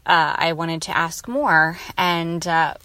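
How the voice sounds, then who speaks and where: A woman's voice: low voice, slow, bright, forceful tone, no echo. A woman leaving a voice memo for a show, hesitant and rambling with many fillers. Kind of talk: casual voice message.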